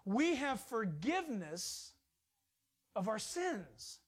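Animated male pastor preaching. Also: sits high, slow, husky. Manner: animated preaching with rising emphasis. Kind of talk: sermon.

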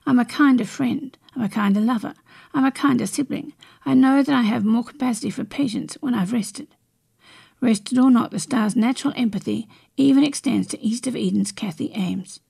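A woman reading celebrity and royal stories from magazines aloud, in a steady read-aloud manner with brief restarts. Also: fairly high pitch, moderate pace, vocal fry, slightly rough. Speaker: news reader.

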